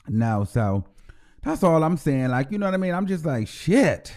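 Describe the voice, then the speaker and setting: The host of his own show talks slowly in a voice on the high side. He curses freely through casual, animated commentary and imitates the voices of those he describes.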